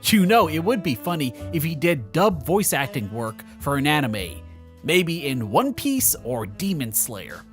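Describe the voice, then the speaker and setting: Sarcastic male commentary narrator, lively pitch. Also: unhurried, soft background music. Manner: sarcastic, mocking asides. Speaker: video commentator.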